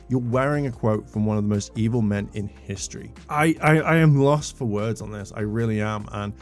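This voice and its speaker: A man's voice: mid-range voice, a little mellow. A man giving an exasperated, indignant commentary rant to his channel's viewers, swearing when worked up. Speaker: commentary YouTuber. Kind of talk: ranting commentary.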